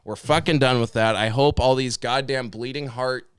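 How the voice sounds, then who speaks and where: Podcast co-host, man, 20s: smooth clear voice, dry close mic, angry profane rant. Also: mid-range voice, fairly even intonation, moderate pace, no echo. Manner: heated, profane, mocking put-on voices. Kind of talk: profane ranting podcast talk.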